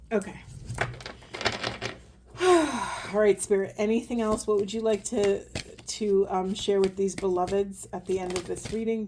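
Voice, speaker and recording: A woman giving a spiritual oracle card reading, earnest and gentle, often trailing into soft, hushed asides. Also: medium pitch, fairly even intonation, a little slow, background noise. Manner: gentle, earnest, rambling with self-corrections. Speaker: tarot and oracle card reader.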